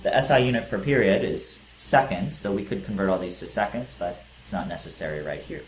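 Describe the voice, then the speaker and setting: A man's voice: deep voice, a little fast. A male teacher giving a physics lecture, explaining step by step with some fillers. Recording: echoey room with faint hiss.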